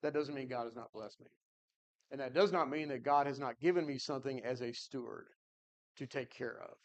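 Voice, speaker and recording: A man's voice: mid-range voice, a little fast. Earnest man leading a Bible class. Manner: thinks aloud, earnest, discussion-led. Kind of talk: conversational Bible class teaching.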